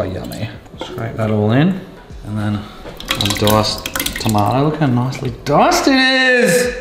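A young man cooking in his home kitchen, talking in a casual, excitable, sweary way. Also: fairly low pitch, background noise. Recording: echoey kitchen with music behind.

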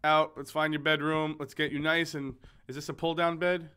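Bright-voiced young man playing a game. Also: on the high side, little pitch movement, moderate pace, clean tone. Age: young adult. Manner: joking, rambling, swearing, frequent laughs and stammered restarts. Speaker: gaming video host. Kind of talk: let's play commentary, reading game text aloud.

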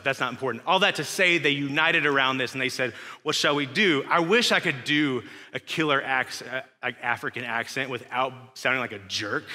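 A young West Texan pastor preaches in a loose, conversational way, tossing questions and asides to the congregation. His voice is very bright and forward at a middling pitch. The sound carries a long church-hall reverb. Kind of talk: sermon. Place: church sanctuary.

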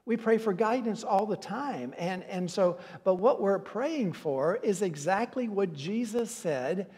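A man's voice: high voice, lively intonation, measured pace, a little mellow, big-room sound. A man leading a church question-and-answer session as pastor, earnest, stumbling over repeated words as he explains. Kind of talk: church Q&A teaching.

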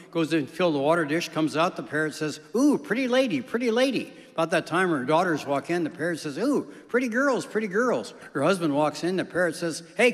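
A man from South Dakota delivers one-liners with a deadpan touch. His voice sits a little high. It rings out through a large hall. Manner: deadpan joke telling with quick voices for characters. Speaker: comedian. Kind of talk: stand-up jokes on stage, then interview. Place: large concert hall stage. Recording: reverberant hall.

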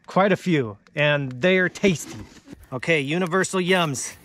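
A man's voice: a little high, a little slow, a bit bright, a little hiss or hum. A man in his thirties chatting casually with his family in a laid-back way, chuckling often between fillers. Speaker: vlogger, father. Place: inside a large tent.

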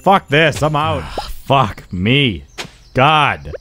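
A man commentating on a video game live, excitable and quick to yelp and swear in frustration. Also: faint music behind. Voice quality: high-pitched. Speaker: gaming livestreamer.

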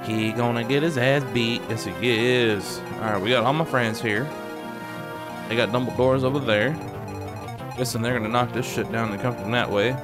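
A man's voice: medium pitch, steady tone, normal speed. A man streaming a strategy game, chatting casually in laid-back, mumbled asides. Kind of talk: casual gameplay commentary. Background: game music.

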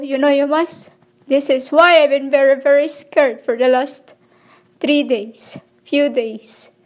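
High-voiced woman, slow halting spiritual monologue. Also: a little mellow. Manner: halting, fragmented phrasing, pleading with listeners. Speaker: self-proclaimed spiritual messenger.

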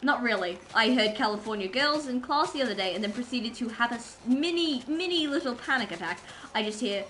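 A woman's voice: fairly high pitch, animated, fairly quick, hardly any pauses, fairly bright tone, a little hiss or hum, rough recording. A woman livestreamer rambling in casual chat with her viewers while gaming, giggling and poking fun at herself. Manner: rambling, giggly, self-mocking.

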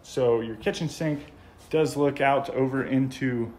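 A man's voice: medium pitch, measured pace, darkish tone. An American man with a casual, enthusiastic manner, narrating a walkthrough of a model home as he films it. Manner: enthusiastic, gushing. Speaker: home tour vlogger.

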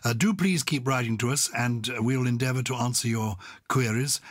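A man's voice: medium pitch, normal speed, dry recording, clean studio sound. An older man co-hosting a podcast, speaking in a theatrical, exuberant way. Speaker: podcast co-host. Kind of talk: casual chat.

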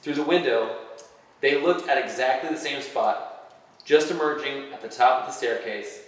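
A man reading his own fan fiction story aloud, with animated storytelling. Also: mid-range voice, normal speed. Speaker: reader. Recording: echoey hall from far off.

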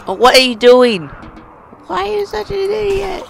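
A gaming channel host giving excitable let's-play commentary, talking to the game characters and shouting when things go wrong. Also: very high-pitched, moderate pace, vocal fry, noisy background.

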